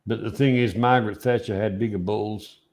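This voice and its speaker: A man's voice: lowish voice, fairly even intonation, a little fast, darkish tone. An Australian man chatting on a livestream, crude and blunt, laid-back banter. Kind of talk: casual drunk banter.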